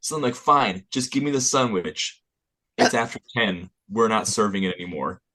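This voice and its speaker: Animated man telling a story, low voice. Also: moderate pace. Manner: animated storyteller, laughs often. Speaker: band member guest. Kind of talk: casual chat.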